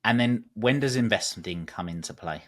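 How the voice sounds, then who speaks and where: A man's voice: fairly low pitch, animated, normal speed, a bit bright. A man hosting a podcast interview, who talks in a hesitant way with frequent restarts. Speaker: podcast host, performance coach.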